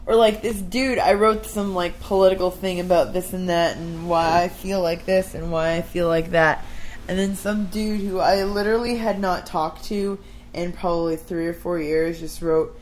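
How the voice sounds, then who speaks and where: Young woman podcast cohost, lowish voice, lots of "like", bit of hiss behind. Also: normal speed, poor audio. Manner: animated storyteller, fillers like "like". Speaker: podcast co-host. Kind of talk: casual chat. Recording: faint background noise.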